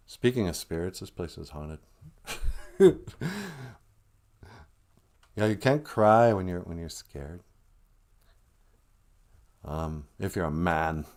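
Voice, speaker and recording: A man's voice: lowish voice, a little mellow. Joking, rambling male livestream host. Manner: rambling, joking, laughs often. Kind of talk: casual monologue.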